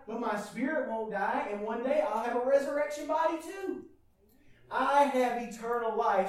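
A man preaching a sermon as pastor, animated and calling out questions to his congregation. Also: extremely high pitch, unhurried. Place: church hall. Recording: echoey church room, mic from a distance.

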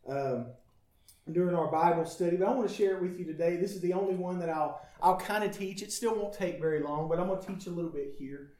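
Man preaching, high voice, very echoey hall, a bit distant from the mic. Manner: animated preaching, calls out questions to the congregation. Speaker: pastor. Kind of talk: sermon. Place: church hall.

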